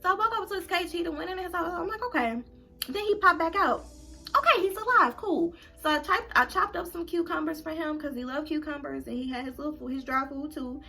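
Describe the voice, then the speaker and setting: A young adult woman vlogger telling a story to her viewers in a casual, animated and dramatic way. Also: extremely high pitch, a little fast, gravelly, soft background music.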